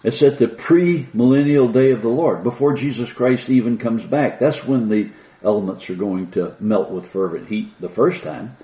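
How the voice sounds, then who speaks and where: A man preaching a sermon, slowing down and lifting his voice to stress the scripture he reads. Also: medium pitch, mellow, roomy sound, highs cut off. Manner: slow, emphatic reading of scripture with rising stress.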